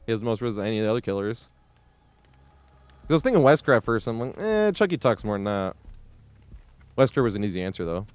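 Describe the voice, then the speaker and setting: A man's voice: lowish voice, very animated, quick pace, long pauses, clear, resonant tone, no echo. A man streaming a game live, chatting casually with viewers, swearing freely and laughing often as he reacts to play.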